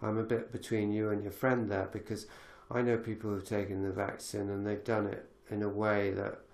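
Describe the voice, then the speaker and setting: Low gravelly man in an echoey room. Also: little pitch movement, moderate pace, a little mellow. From lives in Galicia. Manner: reflective, thinks aloud with many fillers and restarts. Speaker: podcast host. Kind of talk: conversational podcast interview.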